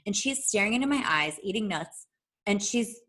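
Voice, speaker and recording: A woman telling a long story in casual chat, animated, swearing freely and laughing often. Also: mid-range voice, moderate pace.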